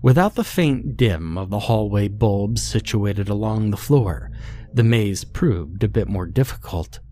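A man narrating a scary story in a measured, low storytelling delivery. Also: expressive, warm tone. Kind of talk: scripted horror narration.

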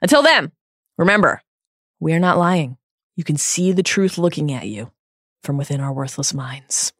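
A woman's voice: deep voice, lively intonation, normal speed, a bit bright, slight background noise. A woman co-hosting a casual podcast, emphatic and enthusiastic, often laughing. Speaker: podcast co-host.

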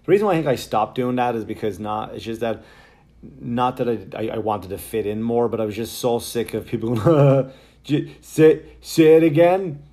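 A middle-aged man from Ireland with a softened Wexford accent, hosting a casual solo podcast in a rambling, self-mocking way. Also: mid-range voice, fairly quick. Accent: Wexford Irish, softened. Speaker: podcast host.

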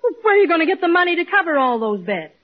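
A woman's voice: extremely high pitch, big pitch swings, very fast. An actress playing a sensible, worried housewife who questions her husband, in 1940s radio comedy. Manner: level-headed, questioning. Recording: lo-fi old radio recording, faint clicks.

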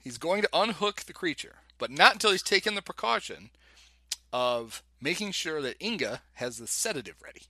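A man casually retelling a comedy film scene and acting out its lines in an animated way. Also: a little high, normal speed, no echo.

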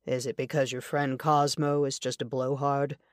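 A woman reading an audiobook, voicing a steady cowboy gunfighter who speaks low, calm and measured, with a quiet edge. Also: no echo, clean studio sound. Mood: dry. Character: cool, steady cowboy gunfighter, adult man. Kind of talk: audiobook character voice.

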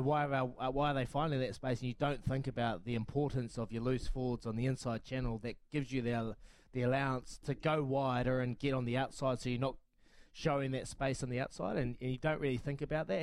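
A man's voice: mid-range voice, a little mellow. A man hosting a casual sports chat, joking and laughing easily. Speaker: host.

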